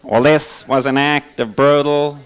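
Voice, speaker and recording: A man doing a slow, drawling impression of an older male president in a stand-up bit. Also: a little high, level tone, clear, resonant tone, lightly acted. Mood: solemn.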